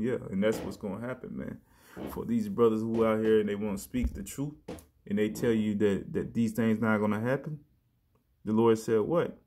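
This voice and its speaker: A preacher gives a casual sermon in a loose, conversational style, often saying "man" and "you know", and reads verses slowly with emphasis. His voice is on the low side and dark in tone, with fairly even intonation, over slight background noise.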